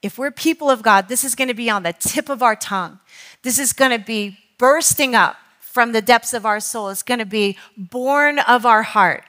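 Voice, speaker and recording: A woman teaching a Bible study in church, earnest, reading quotations slowly and now and then correcting herself. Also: on the high side, bright, forceful tone. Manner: earnest, reads quotes slowly, with self-corrections. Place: church hall.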